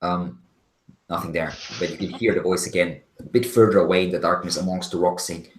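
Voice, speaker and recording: Game master, male, very low voice, halting descriptive narration in an echoey room. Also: fairly even intonation. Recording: roomy echo.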